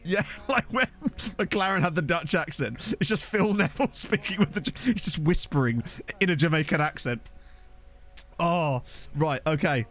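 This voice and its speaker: A man's voice: on the high side, normal speed, fairly bright tone, soft background music. A man casually commentating a football management game on stream, chatting with viewers and laughing often. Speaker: gaming streamer. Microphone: USB desk microphone.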